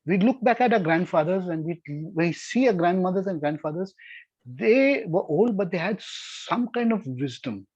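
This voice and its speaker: A man's voice: high-pitched, lively intonation, moderate pace, darkish tone, husky, no room sound. A middle-aged man giving an earnest scripture lesson as a Torah teacher, repeating key words for emphasis. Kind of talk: devotional Bible teaching. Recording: dull lo-fi recording.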